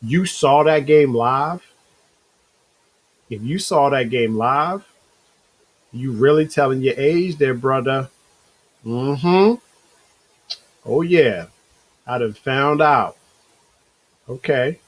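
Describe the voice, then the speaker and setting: A man's voice: mid-range voice, slow pace, long pauses, low-quality recording. A man hosting a live-streamed talk show, chatting loosely with viewers, calling them bro and reading their comments aloud. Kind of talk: casual live-stream chat.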